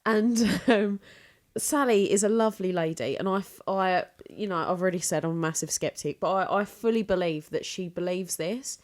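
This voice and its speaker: Brief: mid-pitched woman from England, animated podcast storyteller, casual and a bit sweary. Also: moderate pace. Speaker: podcast co-host.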